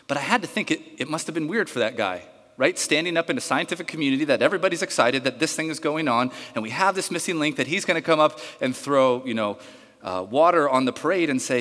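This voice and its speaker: A male pastor preaching a sermon, telling a story in an animated way and acting out the voices of its characters. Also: mid-range voice, fairly quick. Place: church sanctuary. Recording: reverberant church hall.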